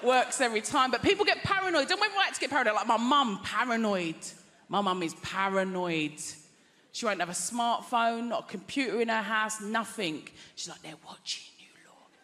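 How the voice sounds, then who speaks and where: A woman's voice: on the high side, fairly quick. An English woman in her thirties doing stand-up comedy in a chatty, confiding way, full of tag questions. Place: large theatre stage. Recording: echoey theatre with loud crowd noise.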